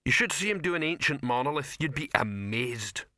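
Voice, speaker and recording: A man voicing a dim, friendly male troll actor in an audiobook, talking in a slow plodding way. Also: mid-range voice, animated, pushed and bright, no room sound, studio quality, voice pushed up. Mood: chatty.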